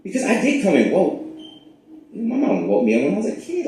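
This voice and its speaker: A man talks in a loose, rambling way, cussing freely and jumping between loud outbursts and near-whispers. His voice sits a little high and swoops around a lot. It all rings in a very echoey room with a faint hiss underneath. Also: normal speed, pauses often. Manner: animated, profane, swings between loud and hushed. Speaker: spiritual channel host. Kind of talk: rambling casual monologue.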